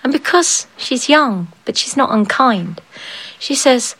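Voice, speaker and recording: A woman's voice: high-pitched, animated, slow, fairly bright tone, rough recording. Playful woman telling a folk tale. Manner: playful, acts out characters, laughs while telling. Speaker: storyteller. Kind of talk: oral storytelling.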